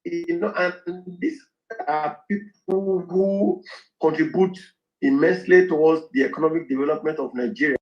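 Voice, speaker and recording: Measured man on a dull lo-fi clip. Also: fairly high pitch. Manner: measured, lays out points in lists. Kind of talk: formal spoken argument in a played clip.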